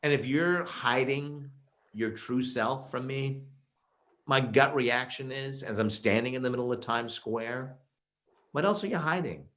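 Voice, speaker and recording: A man's voice: mid-range voice, measured pace. A man giving a virtual keynote presentation, telling stories emphatically with lots of fillers. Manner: energetic, emphatic storyteller with many fillers. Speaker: keynote speaker.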